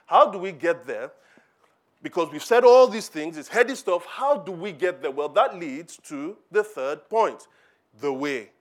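A man preaching a sermon in church, animated, asking rhetorical questions and acting out quoted voices. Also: a little high, a little slow. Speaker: pastor.

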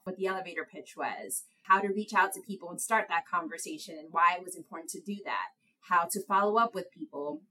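Bright-voiced young New woman telling stories. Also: rough recording. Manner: animated storyteller, laughs at herself, high light voice. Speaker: guest, attorney. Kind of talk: conversational interview.

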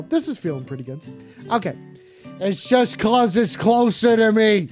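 A man with a high-sitting, lively voice hosts a crude, casual call-in stream at normal speed, music playing in the background. He rambles and jokes, swearing constantly.

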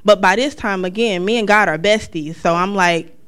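A woman from North Carolina tells her personal testimony in a lively way, playing out the other people's words. Her medium-pitched voice is clear and resonant, and she moves at a normal speed.

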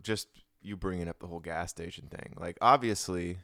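A young man with a very deep, smooth voice, rambling loosely through casual podcast talk with plenty of slang. He is close on a dry studio mic, with no room sound at all. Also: a little fast, sharp tone, no echo. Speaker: podcast host.

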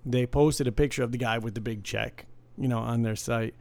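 Gravelly man telling rambling stories. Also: medium pitch, steady tone, brisk, darkish tone. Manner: rambling storyteller, many restarts. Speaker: podcast co-host. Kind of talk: casual chat.

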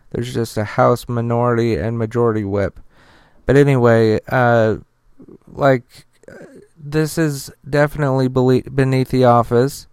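Brief: male podcast host, slow and halting, very clear, dry close sound, swears in his asides. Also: mid-range voice, a little mellow, dry recording. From Utah. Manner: reads news quotes, then breaks into profane outraged asides; halting, with many uh fillers and repeated words. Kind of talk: casual news commentary.

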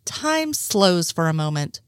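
A woman reading a story aloud, voicing the characters' dialogue with shifts in pitch. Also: very animated, takes it slowly, dry recording, clean studio sound. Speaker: reader. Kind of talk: audiobook reading of fan fiction.

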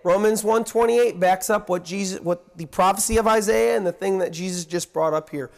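A man. He is earnest and swings between hushed, confiding asides and rising, excited emphasis. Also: high-pitched, fairly quick, creaky. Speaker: preacher. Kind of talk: sermon.

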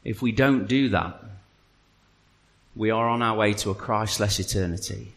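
A man preaching a sermon to a congregation, telling the story with animated energy and then dropping to a quiet, earnest appeal. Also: on the low side, moderate pace. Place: church hall. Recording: long reverb of a large hall.

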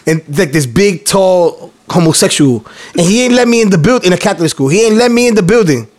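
A man's voice: high voice, animated, brisk, a little mellow. A young man telling profane childhood stories in a casual podcast chat. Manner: profane, storytelling, laid-back. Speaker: podcast co-host.

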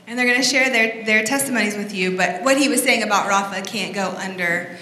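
A woman's voice: medium pitch, a little fast, pushed and bright. A woman leading a church service, chatty and enthusiastic as she introduces students. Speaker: youth leader introducing speakers. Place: church sanctuary. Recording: echoey hall, faint noise.

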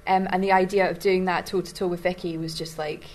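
A woman's voice: lowish voice, flat delivery, a little mellow. A woman with a Glaswegian accent, an actor chatting in a press interview, laughing often. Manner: laughing, chatty, quick-witted. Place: small room.

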